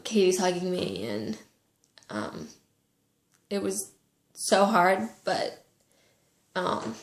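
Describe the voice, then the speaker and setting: Soft-spoken young woman, gravelly and low. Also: echoey room. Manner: soft-spoken, halting with many ums and fillers. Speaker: vlogger. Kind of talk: personal story told to camera.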